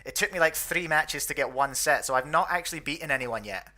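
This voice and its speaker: A man's voice: fairly high pitch, lively intonation, fairly quick, sharp tone. A young Scottish man from the northeast, chatty and self-deprecating, hosting and commentating on a casual online match. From northeast Scotland. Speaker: host.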